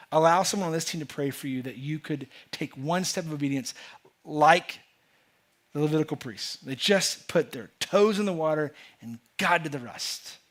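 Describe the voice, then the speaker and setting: A pastor whose voice is on the high side and a bit bright preaches in a church sanctuary. Before the congregation he's earnest and emphatic, with plenty of repetition and restarting as he builds toward his point.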